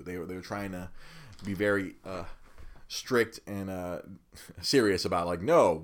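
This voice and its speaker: A young man with a lowish voice talks casually to his viewers. He rambles with lots of restarts and laughs. He sounds like a tired new dad telling the story of his week. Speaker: vlogger and new father.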